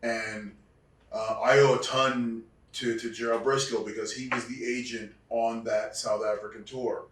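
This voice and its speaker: A man who used to wrestle, interviewed as a guest, telling animated stories about his career and acting out other people's voices. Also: medium pitch, unhurried, slight background noise. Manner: animated storyteller, acts out quoted voices. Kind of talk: casual storytelling interview. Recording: roomy sound from a distant mic.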